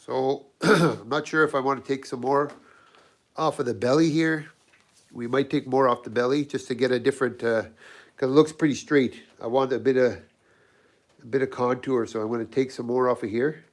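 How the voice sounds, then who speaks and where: A man's voice: medium pitch, fairly even intonation, moderate pace. A man with a scratchy voice from a cold, talking loosely through his knife work in a home workshop livestream. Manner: loose, rambling, often restarts sentences. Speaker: knifemaker and channel host. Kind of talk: casual workshop livestream demo.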